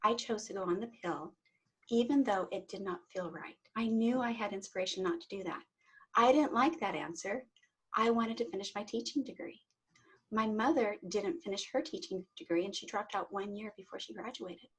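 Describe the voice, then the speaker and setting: A woman's voice: mid-range voice, normal speed, slightly rough, rough recording. A middle-aged woman, a guest on an interview show, earnestly telling her own story and often repeating words as she starts a sentence. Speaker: interview guest, Reiki teacher. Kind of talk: personal story in conversation.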